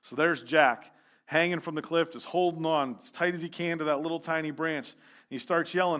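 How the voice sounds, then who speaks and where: A man's voice: fairly high pitch, moderate pace, fairly bright tone. A man preaching a sermon as youth leader in a church, casual and joking, with lots of ums and restarts.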